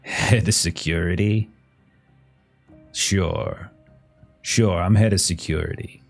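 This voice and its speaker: A man voicing a gruff, impatient male casino bouncer who swears at customers. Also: sits low, slow, soft background music, voice pushed down, exaggerated voice. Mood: rude. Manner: curt, swearing.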